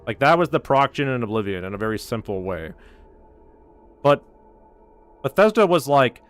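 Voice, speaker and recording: A man's voice: mid-range voice, very animated, moderate pace, long pauses, soft background music. A man streaming a game, ranting casually and profanely, filling his talk with "like". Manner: profane, ranting, heavy use of "like". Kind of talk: casual gaming stream rant.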